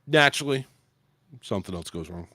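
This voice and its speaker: A man's voice: lowish voice, lively intonation, a little fast, bright, forceful tone, no echo. A man hosting a talk show, venting angrily and swearing a lot about his sales job. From United States. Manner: angry, profane ranting. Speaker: host. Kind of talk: casual talk show rant.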